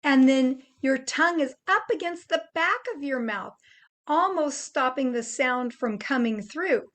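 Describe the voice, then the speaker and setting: An older woman gently teaching children how to make animal sounds, explaining each step patiently. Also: high voice, a little slow. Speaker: children's presenter.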